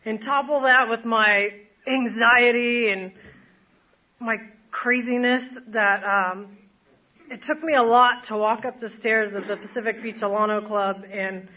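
A woman with a higher voice gives personal testimony to a group from in front of an audience, telling of her recovery. She speaks unhurriedly with fairly even intonation, rambling through many fillers and laughing at herself, all in dull-sounding audio.

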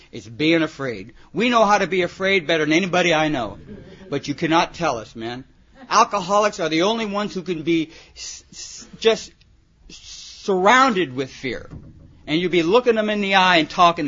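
A man's voice: on the high side, animated, moderate pace, sharp tone. A man sharing humorous stories at a recovery meeting, rambling and full of "you know" and "man". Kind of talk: humorous storytelling to a live audience. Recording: muffled recording with audience laughter.

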